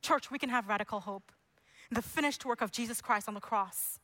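A woman preaching a passionate sermon that builds to loud exclamations. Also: on the high side, a little fast.

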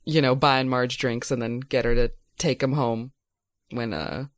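A woman playing a tabletop game in casual talk, halting with many fillers and laughs. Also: extremely low pitch, fairly even intonation, dry recording.

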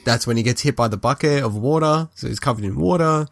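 A man's voice: mid-range voice, fast, vocal fry, dry recording. A man casually recapping a TV episode on a podcast, chatty and laughing now and then. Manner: chatty, recounts scenes with laughs and acted quotes. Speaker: podcast co-host. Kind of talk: casual chat recapping a show.

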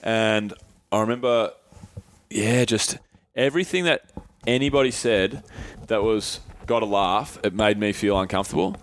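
A man's voice: fairly low pitch, normal speed, dry recording. An Australian man telling a candid personal story in a rambling, swear-heavy podcast chat. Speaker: podcast co-host.

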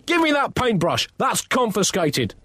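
A man voicing a pompous, exasperated old male Pope who shouts in a high, outraged voice. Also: huge pitch swings, measured pace, no echo, heavily acted.

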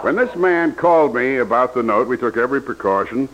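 A man's voice: medium pitch, lively intonation, brisk, natural voice. A man doing a dry wisecracking private eye. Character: wisecracking hard-boiled male private eye. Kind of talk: 1980s live radio comedy sketch. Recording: dull old radio broadcast with hiss.

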